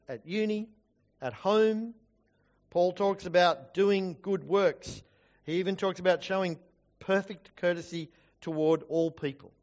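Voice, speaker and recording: Earnest man preaching, slightly raised pitch. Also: highs cut off. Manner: earnest, conversational, self-deprecating asides. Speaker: preacher, Bible college teacher. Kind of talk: sermon. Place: church.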